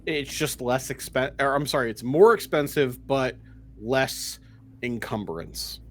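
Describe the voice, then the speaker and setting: Male player, mid pitch, wordy and rambling, relaxed game chat. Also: measured pace. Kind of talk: casual tabletop play.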